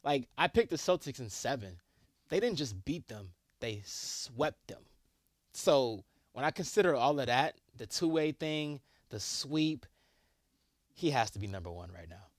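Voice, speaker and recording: A man co-hosting a sports talk show, reasoning through his points in a measured, agreeable way. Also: mid-range voice, very animated, dry recording, studio quality. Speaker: sports podcast co-host. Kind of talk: casual sports debate.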